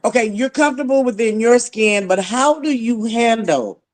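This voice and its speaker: A woman interviewing a guest, asking questions slowly and encouragingly and laughing along. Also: on the high side, expressive.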